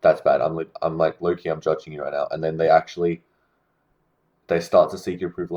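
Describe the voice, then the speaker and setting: A man's voice: a bass voice, level tone, fairly quick, a little mellow, lo-fi sound. A young man giving casual social-skills advice straight to camera, rambling with lots of fillers and restarts. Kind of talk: casual talking-head advice monologue.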